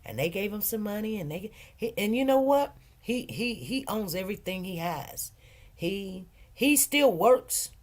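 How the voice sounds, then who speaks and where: A middle-aged woman tells a story in a loose, chatty way. She acts out the people in it, and her voice swings high and low as she goes. Her delivery is casual and unscripted. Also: lively intonation, measured pace. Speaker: channel host.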